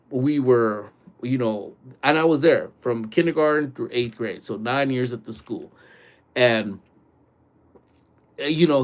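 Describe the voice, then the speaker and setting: A man vlogging from his workplace early in the morning, telling a ghost story in a loose, animated way full of "like" and "dude". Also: mid-range voice. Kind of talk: casual storytelling.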